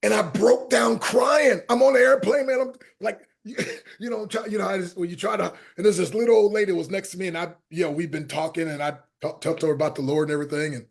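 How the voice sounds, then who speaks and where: Talking fast with barely a pause, a middle-aged man with a husky, rather high voice shares stories as a guest on a podcast interview. A motivational speaker, he animates the people he quotes with their own voices and shifts from quiet asides to almost shouting.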